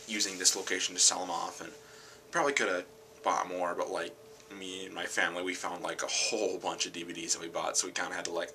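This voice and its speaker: A tired man rambling casually about an anime film, correcting himself often and getting animated when something annoys him. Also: low voice, quick pace, slight background noise, low-quality recording. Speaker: channel host.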